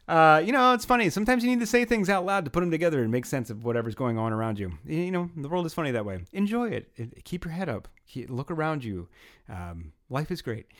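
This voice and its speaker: A young man hosting a podcast, telling a rambling, self-mocking story in a casual way. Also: mid-range voice. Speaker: podcast host. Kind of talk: casual monologue and chat.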